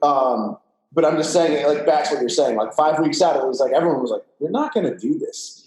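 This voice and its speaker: A man on a podcast recounts things in loose, candid chat, with lots of fillers and casual swearing. His voice sits a bit higher than most men's, and it rings around a roomy, echoey space. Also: brisk, darkish tone. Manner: candid, profane, filler-heavy storytelling. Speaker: podcast guest. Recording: roomy echo.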